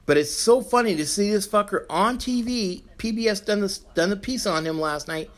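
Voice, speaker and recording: A podcast host from Arizona, US, delivers an angry, blunt, profane ranting monologue. His voice is high and his pace moderate, with few pauses.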